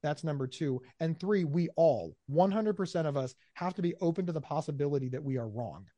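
A man answering interview questions in an animated way, often repeating his words as he talks. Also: fairly high pitch, brisk, dry recording, muffled recording. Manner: animated, acts out quoted voices, repeats words. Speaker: guest, mental health speaker.

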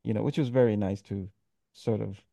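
A man's voice: on the low side, steady tone, brisk, vocal fry, warm tone, no echo, clean studio sound. A man hosting a casual movie review podcast, recapping scenes with fillers and laughs. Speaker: podcast host.

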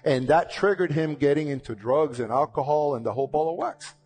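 Man telling a lively personal testimony. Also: a little high, a little fast, breathy edge. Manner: lively, conversational retelling with repeated "and, and" restarts. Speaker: speaker sharing a personal testimony. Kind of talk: casual storytelling testimony.

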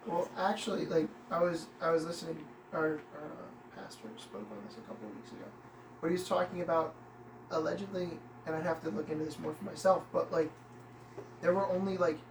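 A man's voice: on the high side, fairly quick. A man in a casual Bible study group chatting in a rambling way, filling his talk with "like.". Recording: distant, echoey, noisy room.

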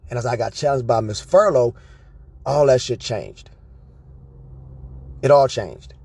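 A man telling personal stories to his viewers in an animated, profane, casual way, often checking in with "right?". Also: medium pitch, dry recording. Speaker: vlogger. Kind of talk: casual storytelling monologue.

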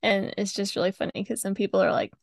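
A young woman co-hosting a podcast, chatty and quick to laugh. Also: mid-range voice, steady tone, vocal fry, dry recording. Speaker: podcast co-host. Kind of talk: casual chat.

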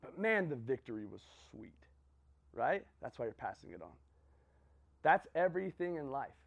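A man's voice: mid-range voice, very animated, moderate pace, vocal fry. A man giving a motivational talk to a group, telling a story and checking in with "right?" and "okay?". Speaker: motivational speaker.

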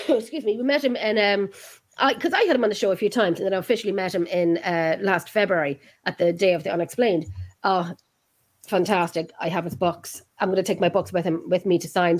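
A woman from Ireland with an Irish accent hosting a podcast, chatty and rambling. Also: lowish voice. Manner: chatty, rambling, many restarts. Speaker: podcast host. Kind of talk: casual chat.

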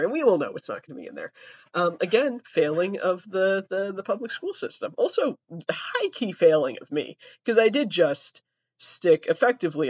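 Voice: mid-range voice, breathy edge, no echo. A young adult trans comedy podcaster telling stories in a profane, rambling, self-mocking way. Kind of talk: comedic storytelling. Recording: dull, dry lo-fi audio.

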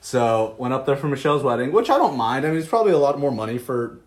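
A young man co-hosting a casual podcast, excitable and quick to laugh, with casual swearing. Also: mid-range voice. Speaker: podcast co-host. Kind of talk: casual chat.

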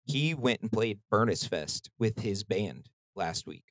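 A man's voice: lowish voice, lively intonation, unhurried, no echo. A man hosting a podcast, telling rambling stories in casual chat and swearing freely. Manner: profane, rambling storytelling. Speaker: podcast host.

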